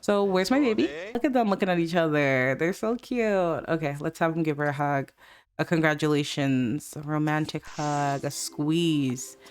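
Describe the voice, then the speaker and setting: A woman's voice: deep voice, moderate pace. Brief: talkative woman gamer, laughs easily, narrates her sims in loose chat. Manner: chatty, giggly, voices the characters' lines. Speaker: let's play host. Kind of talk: casual gameplay commentary.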